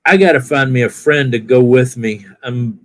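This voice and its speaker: In casual live-stream chat, an older viewer with a blended Southern and Californian accent rambles and corrects himself as he goes. He speaks at a moderate pace in a medium-pitched, slightly bright voice.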